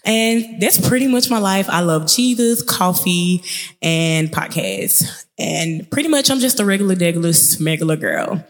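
A young woman in her twenties with a thick Mississippi Southern drawl, talking to her podcast listeners in a chatty, upbeat way. Her voice sits fairly low and rings out with a long reverb tail. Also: a little slow. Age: 20s. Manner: chatty, upbeat, speeds up when excited. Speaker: podcast host. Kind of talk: casual podcast monologue.

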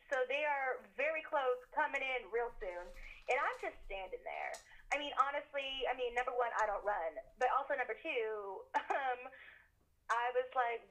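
A woman casually telling a spooky story, animated, laughing often and full of fillers. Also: high-pitched, poor audio. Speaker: guest telling a ghost story.

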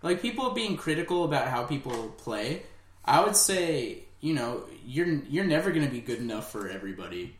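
A man co-hosting a podcast in a casual chat, relaxed and hesitant, with many fillers. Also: medium pitch, moderate pace. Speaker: podcast co-host. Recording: echoey room.

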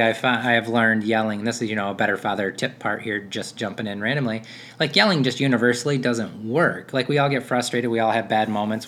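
A man's voice: medium pitch, fairly bright tone. A man, a podcast host in his thirties, talking about fatherhood in a casual, rambling monologue full of fillers and restarts. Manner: rambling, self-interrupting, with frequent fillers.

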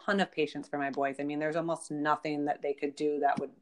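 A woman's voice: low voice, flat delivery, fast. A woman in her thirties, a guest in a casual conversation, talking in an upbeat, chatty way full of "you know".

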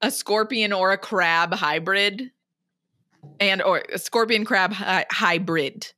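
A woman's voice: medium pitch, takes it slowly, pushed and bright, no room sound. A woman co-hosting a podcast, chatting casually with exclamatory, incredulous outbursts and frequent laughter. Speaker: podcast co-host. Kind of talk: casual chat.

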